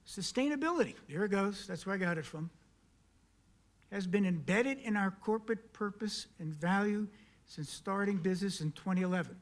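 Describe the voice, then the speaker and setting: A man's voice: high voice, moderate pace. A man speaking at a county council meeting, making an emphatic public comment full of pointed questions and repeated key words. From South Carolina. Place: council chamber.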